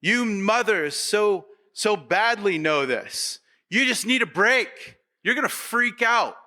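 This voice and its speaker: A male pastor with a high, animated voice preaches slowly and sharply. He keeps firing rhetorical questions at the congregation, repeating himself and acting out their voices as he quotes them.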